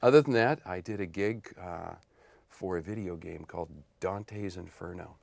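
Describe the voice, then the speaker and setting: A man in his fifties, an actor and model, telling stories about his career in a relaxed interview, often laughing. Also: sits low, moderate pace, vocal fry. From Portland area, United States. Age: 50s. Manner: animated storyteller, laughs often. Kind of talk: casual interview chat.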